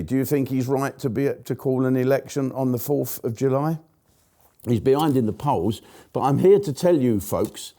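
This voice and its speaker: Older man, dark mellow voice, blunt jokey rant, casual comedy monologue host. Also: medium pitch. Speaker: show host.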